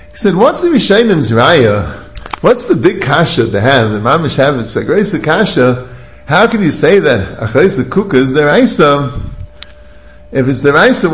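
A man giving a Talmud class, reasoning out loud in a quick, animated back-and-forth. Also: high-pitched. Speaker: Talmud teacher. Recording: roomy echo.

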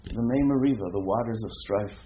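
A man teaching a lively Torah class as a rabbi, asking rhetorical questions and mixing in Hebrew terms. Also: fairly low pitch, fairly quick. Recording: dull lo-fi recording with faint noise.

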